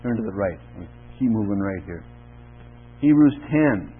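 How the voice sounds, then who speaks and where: A man's voice: animated, moderate pace, breathy edge. A man preaching a sermon in church, reading verses and asking the congregation questions, his voice rising for emphasis. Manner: asks the congregation questions, rises in pitch and volume for emphasis. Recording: tinny narrow-band recording with mains hum.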